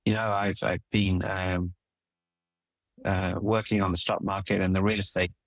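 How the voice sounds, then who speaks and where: A man's voice: low-pitched, level tone, normal speed, no room sound. A middle-aged man, a relationship coach, telling personal stories in an earnest, emphatic way with frequent restarts. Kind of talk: conversational storytelling interview.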